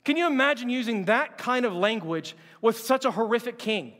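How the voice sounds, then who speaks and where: High-voiced preacher in a reverberant hall. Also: male voice, moderate pace. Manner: conversational, animated, acts out quotes. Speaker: pastor. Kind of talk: sermon.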